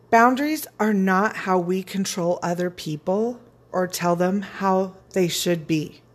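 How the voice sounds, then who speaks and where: A woman giving a frank, casual motivational talk. She swears freely and laughs often. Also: mid-range voice. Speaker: speaker on personal boundaries.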